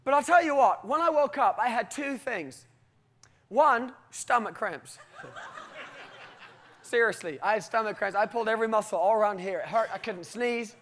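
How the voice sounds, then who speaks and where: A preacher from Britain tells a personal story as the basis of his sermon. His male voice is strikingly high, and he recounts it with animation and frequent laughter.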